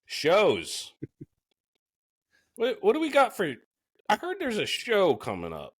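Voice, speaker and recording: A man making slow, low-key side remarks in a casual podcast chat. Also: huge pitch swings, no room sound, clean studio sound.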